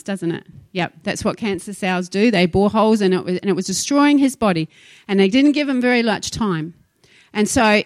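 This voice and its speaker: A woman's voice: mid-range voice, dry recording. A woman pastor preaching a sermon, emphatic and impassioned, telling stories to her congregation.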